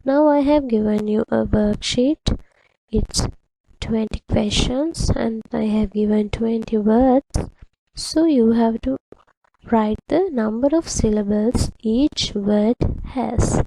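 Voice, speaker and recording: A woman's voice: a little high, takes it slowly, vocal fry, mellow, a little hiss or hum, poor audio. A woman teaching a primary English lesson, patiently explaining to children and repeating words syllable by syllable. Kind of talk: slow, deliberate classroom instruction to children.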